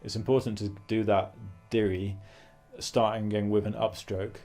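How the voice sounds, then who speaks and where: A man's voice: on the low side, little pitch movement, moderate pace, mellow. A man teaching a guitar lesson, explaining phrasing and singing rhythm syllables between his points. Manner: thinking aloud with fillers and restarts. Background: guitar playing.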